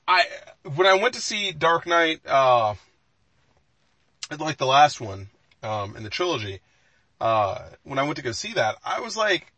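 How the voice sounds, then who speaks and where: A man's voice: fairly high pitch, sing-song, unhurried, pauses often, sharp tone, no room sound, low-quality recording. A man co-hosting a live podcast, talking in a rambling, emphatic way with many restarts and some swearing. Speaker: podcast co-host. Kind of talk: casual chat.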